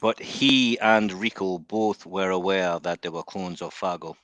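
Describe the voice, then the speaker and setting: A man's voice: low voice, measured pace, a bit bright, dry recording. A man co-hosting a casual film review chat, who laughs often and explains comic book background. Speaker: podcast co-host.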